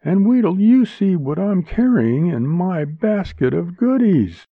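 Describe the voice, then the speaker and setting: A bright, joking woman played by a man in a lifted, high voice. The recording is thin and phone-like, with no room sound. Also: very animated, slow pace, no echo, exaggerated voice. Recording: tinny phone-like dry sound.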